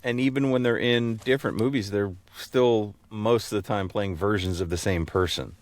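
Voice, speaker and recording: A man's voice: fairly low pitch, steady tone, moderate pace, no room sound. A man co-hosting a podcast, easygoing and joking in casual chat. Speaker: podcast co-host.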